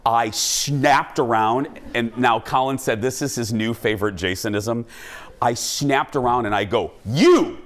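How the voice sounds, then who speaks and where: A man hosting a talk show, telling funny stories in an animated, self-mocking way. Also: medium pitch, a little slow. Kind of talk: comic storytelling to a studio.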